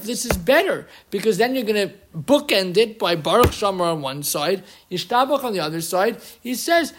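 Animated high-voiced man teaching Torah. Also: normal speed, hardly any pauses. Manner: animated, quoting Hebrew sources with emphatic rises. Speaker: rabbi teaching a class. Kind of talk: lively Torah lecture. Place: room with an audience.

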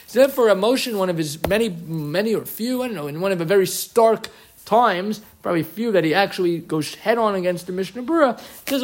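Animated high-voiced man teaching Torah. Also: fairly quick. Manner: animated, quoting Hebrew sources with emphatic rises. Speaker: rabbi teaching a class. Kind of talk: lively Torah lecture. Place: room with an audience.

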